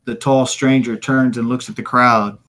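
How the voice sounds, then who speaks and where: A man running a tabletop game, painting each scene in vivid, unhurried detail. His voice is bright and clear, at an ordinary pitch for a man. He pauses and restarts here and there as he describes. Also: little pitch movement. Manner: descriptive, vivid narration with fillers. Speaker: game master.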